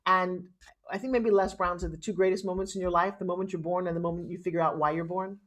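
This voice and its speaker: A middle-aged woman from New York, speaking with a fairly low pitch and a quick pace, tells her life story as an interview guest. Her New York accent is clear, and her telling is dramatic and animated.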